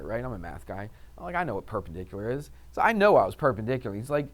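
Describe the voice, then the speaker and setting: A man's voice: a little high, very animated, fast, few pauses. Chatty male math teacher. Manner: chatty, storytelling, asks class questions. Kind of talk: classroom lecture with anecdote.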